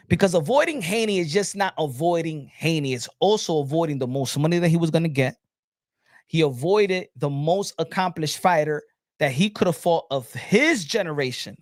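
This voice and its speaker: A man giving opinionated boxing commentary. He talks in heated, profane bursts, repeats words, and rises to shouting. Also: on the high side, no room sound, studio quality.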